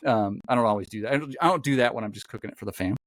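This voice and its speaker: A man's voice: medium pitch, rapid-fire, no room sound. A man hosting a podcast, chatting casually and telling a long rambling story. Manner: rambling storyteller, lots of fillers and restarts. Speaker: podcast host. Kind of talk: casual chat.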